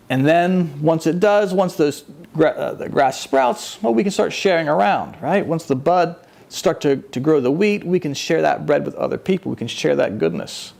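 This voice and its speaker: A male minister preaching in a chatty, animated way, with a fairly high voice. His delivery moves up and down in pitch a great deal, with a gravelly rasp at the ends of phrases. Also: normal speed, few pauses. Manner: conversational, animated, self-mocking. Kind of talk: sermon. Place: church.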